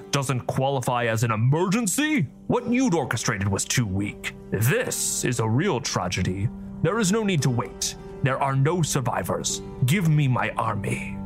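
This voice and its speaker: A man's voice: medium pitch, natural voice. A man voicing a blunt, impatient warlord. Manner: blunt, curt demands. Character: brutish impatient male warlord, crude and demanding.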